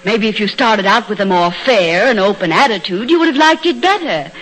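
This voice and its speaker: A woman playing a touchy young wife who is proud of her cooking, in 1930s radio comedy acting, indignant and quick to tears. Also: medium pitch, animated, a bit bright, close to an everyday voice, rough recording. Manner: tearful, indignant and jealous. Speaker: actress.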